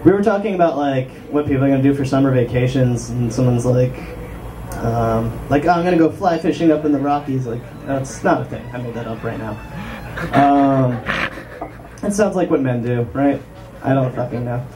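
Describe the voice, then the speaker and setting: A man's voice: mid-range voice, normal speed. A young man doing a rambling, self-deprecating stand-up set at a small club. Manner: rambling self-deprecating jokes with frequent ums. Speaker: stand-up comedian. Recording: distant mic with room noise.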